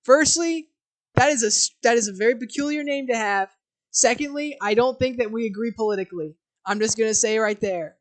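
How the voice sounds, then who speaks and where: A woman live-streaming herself reading a film script aloud, switching from flat reading of scene directions to flustered asides to her chat. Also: on the high side, brisk, poor audio.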